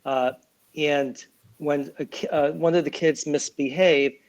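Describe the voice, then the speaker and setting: A lawyer and children's author appears as a guest on an interview podcast, talking casually with many fillers and restarts and acting out quotes in other voices. His voice is fairly high and steady, at a measured pace. The sound is lo-fi.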